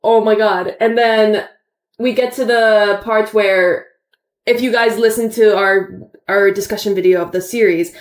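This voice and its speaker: A woman's voice: a little high, reverberant. A woman chatting casually and animatedly, retelling what happened with bursts of laughter. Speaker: co-host reacting to a show finale. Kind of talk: casual chat.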